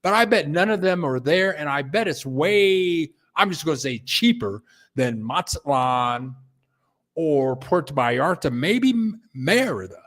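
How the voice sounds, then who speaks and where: A man's voice: a little high, lively intonation, a little slow, fairly bright tone. An older man chatting casually on a live stream, telling stories and reading out viewer comments. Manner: storytelling, reads viewer comments aloud, chuckles. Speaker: vlogger.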